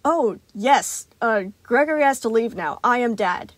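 A woman's voice: a little high, unhurried, no echo, clean studio sound, voice pushed up. A woman doing a bumbling friendly bear animatronic. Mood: awkward eager. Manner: energetic, awkward, earnest. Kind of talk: fan story reading.

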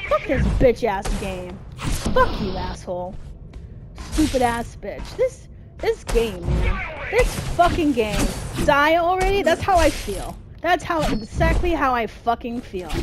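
A woman's voice: high-pitched, very animated, slow pace, over music. A woman giving frustrated gameplay commentary, cursing at the game nonstop. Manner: constant angry cursing at the game. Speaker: gamer.

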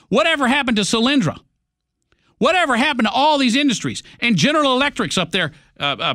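Male radio host, combative ranter, high pitch, dry close sound. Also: sharp tone, no room sound. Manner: angry, sarcastic, combative. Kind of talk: political rant.

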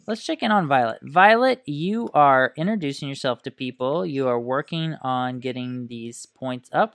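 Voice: mid-range voice, dry recording, studio quality. A YouTuber giving casual, upbeat gameplay commentary, thinking aloud with fillers and small laughs. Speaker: gaming YouTuber.

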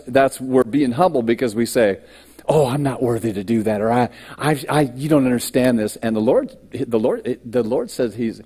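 A man's voice: medium pitch, dark tone, slightly rough. A man preaching a sermon as a pastor, acting out quoted lines and self-doubt, with stammered restarts. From United States. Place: church sanctuary.

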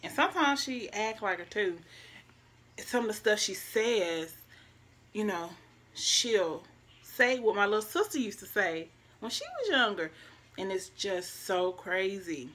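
Woman in her twenties, vlogger, bright tone, soft and reflective casual storytelling straight to camera. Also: medium pitch, expressive, a little slow. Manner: soft-spoken, reflective, talks straight to viewers.

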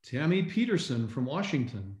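A man co-hosting a live online recognition event, reading out names in an upbeat way and often clearing his throat, speaking over a video call. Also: medium pitch, very animated, normal speed, a little mellow. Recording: echoey room on a video call.

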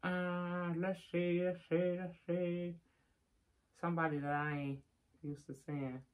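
On a live stream, this older woman gives viewer shout-outs, reading names aloud with playful, teasing remarks in a casual chat. She speaks slowly, her low voice showing little pitch movement.

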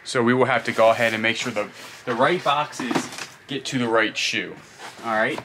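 A man excitedly narrating his vlog while going through a storage unit. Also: medium pitch, moderate pace, noisy background. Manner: excited, exclaiming. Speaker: reseller vlogger. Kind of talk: casual vlog commentary.

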